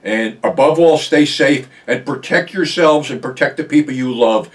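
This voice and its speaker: A man's voice: mid-range voice, normal speed, far from the mic. A man hosting his own show, talking bluntly to his viewers in a casual, profanity-heavy monologue. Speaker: show host.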